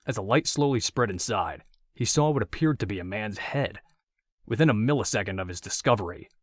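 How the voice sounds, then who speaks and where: A man reading an audiobook story in a steady, measured narration. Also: on the low side, dry recording, clean studio sound.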